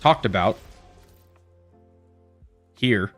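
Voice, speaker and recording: A man chats to his viewers while playing on a live game stream, his pitch leaping up and down as he jokes around. He keeps dropping into playful put-on voices. Faint music plays underneath. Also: drawn-out words. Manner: animated, playful, slips into silly voices.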